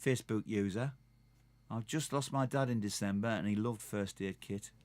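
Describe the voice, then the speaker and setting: A man's voice: lowish voice, moderate pace, darkish tone. A man with a Geordie accent, hosting a live stream and chatting in a rambling, self-mocking way to his viewers. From North East England. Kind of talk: casual chat to viewers.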